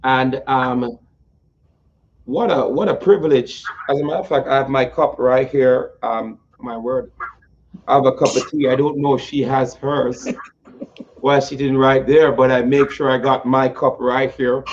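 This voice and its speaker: A man's voice: mid-range voice, fairly even intonation, measured pace, slight background noise. Effusive, playful male host on a slightly muffled line. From United States. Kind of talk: interview talk show.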